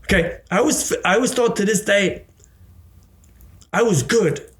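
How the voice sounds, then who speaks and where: A man's voice: high voice, moderate pace. A man co-hosting a casual podcast, telling a long story with plenty of swearing. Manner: profane, storytelling, animated. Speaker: podcast co-host. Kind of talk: casual chat.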